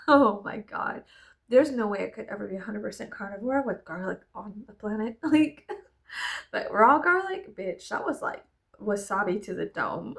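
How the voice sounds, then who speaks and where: Gravelly-voiced woman rambling and laughing. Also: mid-range voice, expressive, moderate pace, pauses often, fairly bright tone. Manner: rambling, laughing often, swearing freely. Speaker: vlogger. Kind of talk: casual chatty vlog.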